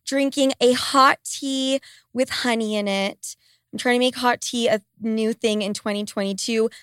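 A woman's voice: fairly high pitch, fairly even intonation, measured pace, fairly bright tone, smooth, no echo. A woman in her twenties hosting a casual solo podcast, congested with a cold and talking in a profane, sarcastic, rambling way from a small basement home studio. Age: 20s. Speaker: podcast host. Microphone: studio microphone.

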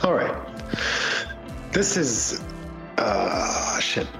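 A man's voice: on the low side, big pitch swings, drawn-out words, gravelly, over music, rough recording. A man from Lebanon, a musician guest, chatting casually in a rambling, goofy way with frequent laughs while walking outdoors. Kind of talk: casual chat. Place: outdoors on a countryside walk.

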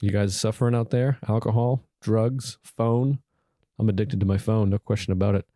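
Rambling Boston man, low mellow voice. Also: fairly even intonation, moderate pace, no room sound, studio quality. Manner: rambling, self-deprecating, loose. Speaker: podcast host. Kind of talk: casual podcast chat.

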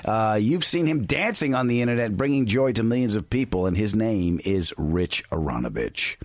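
A man's voice: no room sound, clean studio sound. A middle-aged man hosting a podcast in casual chat, telling stories with lots of energy. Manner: animated storyteller, jumps into high mock voices. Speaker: podcast host.

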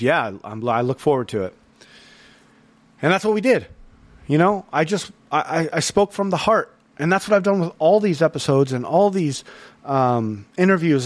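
A man's voice: on the high side, lively intonation, moderate pace, no echo. A man hosting a solo podcast recap, talking in an earnest, rambling way with lots of fillers and restarts. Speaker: podcast host.

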